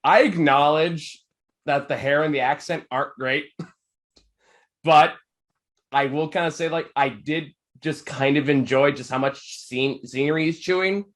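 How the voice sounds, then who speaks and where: A man's voice: fairly high pitch, a little slow. A man co-reviewing a film in casual chat, easygoing and hedging, laughing often.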